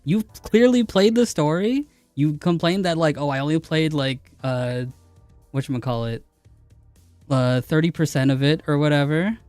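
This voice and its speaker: A man with a fairly high voice argues with his live chat, breaking into laughter between his challenges. The sound is dry, with faint music behind him. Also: normal speed, a little mellow, no room sound. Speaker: game streamer. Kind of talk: live stream chat reply.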